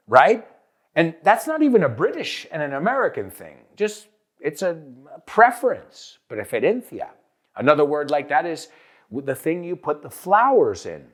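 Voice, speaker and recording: Speaking at a moderate pace in a voice on the high side, a man teaches English with playful energy as host of the lesson. His accent is Northeastern US, he switches between English and Spanish, and his delivery resembles an announcer's.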